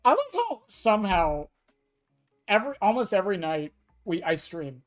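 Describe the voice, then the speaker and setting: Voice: mid-range voice, very animated, moderate pace, no echo, studio quality, faint music behind. A streamer with a cracking voice, laughing often and joking with chat during live gaming commentary.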